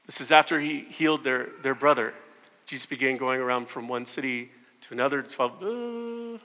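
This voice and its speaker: An earnest male pastor delivers a sermon with a bright, forceful voice. He swings between ringing emphasis and hushed, soft lines. The sound carries a long reverb from the hall. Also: mid-range voice, level tone, brisk.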